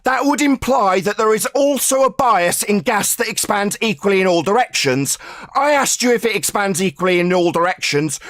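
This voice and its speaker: A man's voice: extremely high pitch, fairly bright tone, dry recording, clean studio sound. A man in a heated online debate, taunting and insulting his opponent, repeating jeers.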